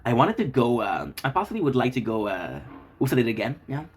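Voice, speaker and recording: A man's voice: mid-range voice, huge pitch swings, fast talker, husky. Playful man joking with his viewers. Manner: playful, joking, teasing banter. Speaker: streamer chatting with viewers. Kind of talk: casual live-stream chat.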